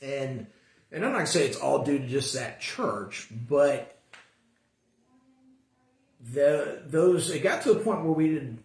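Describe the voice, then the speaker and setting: A man's voice: fairly high pitch, lively intonation, measured pace, pauses often, darkish tone. A man teaching a Sunday school class, talking casually and earnestly, often restarting his sentences. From American suburbs. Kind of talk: casual Bible class talk. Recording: echoey room.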